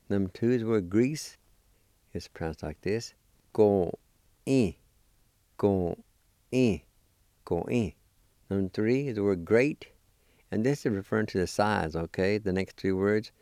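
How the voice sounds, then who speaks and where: A man teaching a language lesson, spelling and pronouncing words syllable by syllable in a deliberate, patient way. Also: lowish voice, a little mellow, no room sound, clean studio sound.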